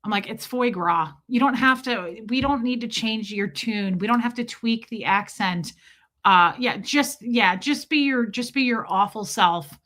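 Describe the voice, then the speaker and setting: A livestream host from America talks with her viewers in a fairly high-pitched voice, a little slowly. She's casual yet emphatic and animated, and she plays with mock accents.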